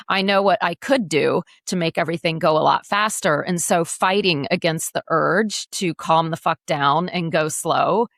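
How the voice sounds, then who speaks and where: Gravelly-voiced frank woman guest. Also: low-pitched, dry recording, clean studio sound. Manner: frank and profane, animated storyteller. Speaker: podcast guest, educator. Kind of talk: candid casual interview.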